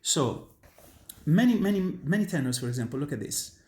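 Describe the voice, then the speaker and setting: An Italian-accented man with a somewhat high speaking voice explains how to sing an aria. He teaches earnestly and emphatically, often breaking off and restarting his sentences as he works through his points. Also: expressive, normal speed, a little mellow. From Italy. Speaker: opera tenor and voice teacher. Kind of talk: instructional talk on singing.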